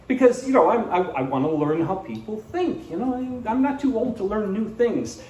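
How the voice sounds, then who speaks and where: A man's voice: sits high, animated, normal speed, a little mellow, roomy sound, distant mic, rough recording. A man doing live stand-up at a small cafe, rambling with many fillers and restarts. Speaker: stand-up comedian. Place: small cafe venue, indoors.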